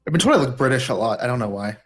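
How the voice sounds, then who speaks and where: A man's voice: medium pitch, expressive, very fast. A man from the American South in a casual livestream chat, with dry, self-deprecating sarcasm.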